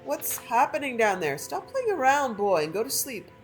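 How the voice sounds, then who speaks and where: A woman's voice: medium pitch, lively intonation, moderate pace, darkish tone, soft background music, voice pushed up, natural voice, rough recording. A woman voicing an anxious father of the house who calls out and gives orders while reading a game story aloud. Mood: calling. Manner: calling out, commanding.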